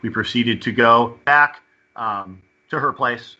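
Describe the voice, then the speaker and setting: A man telling a personal experience as an interview guest, halting and often repeating or restarting his words. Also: mid-range voice, pushed and bright, dull audio.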